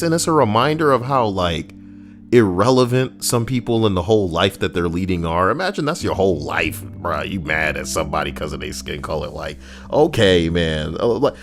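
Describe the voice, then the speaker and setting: Brief: low-voiced man ranting with lots of swearing, swinging widely in pitch, soft music underneath. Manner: animated, profane, swinging up and down in pitch. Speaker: video host. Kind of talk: profane commentary rant.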